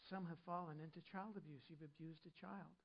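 Husky, gravelly woman preaching a sermon. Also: deep voice, fairly even intonation, a little fast, highs cut off. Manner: conversational, repeats phrases, humorous asides.

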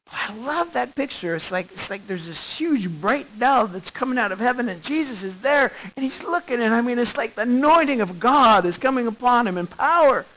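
A man preaching a sermon as pastor, animated, swinging from hushed tones to loud emphasis and often repeating words. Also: very high voice, fairly quick, hardly any pauses, muffled recording.

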